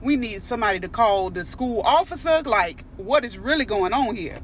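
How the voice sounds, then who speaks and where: A woman with a fairly high voice spins a gossipy storytime, chatty and lively, jumping into the quoted lines of each person in the story. Her front-office work story comes over a noisy recording with vehicle sounds in the background. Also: normal speed. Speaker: vlogger telling a story about her school front-office job. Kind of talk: casual storytime vlog.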